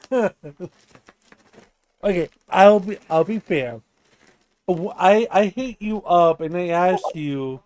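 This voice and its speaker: Jokey high-voiced man hosting a stream. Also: a little mellow. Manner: jokey, pleading, self-deprecating. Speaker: stream host. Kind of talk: casual livestream chat.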